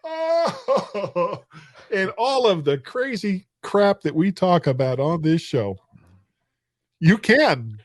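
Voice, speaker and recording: A man's voice: on the high side, very animated, slow, dry recording, studio quality. A middle-aged man hosting a casual podcast chat, joking, laughing often and stumbling over his words. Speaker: podcast host.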